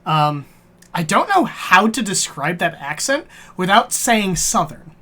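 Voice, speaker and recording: Low-pitched woman host for a relaxed tabletop stream, casual and a bit salty. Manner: casual, swears, reads prompts out slowly. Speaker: game master leading a character workshop.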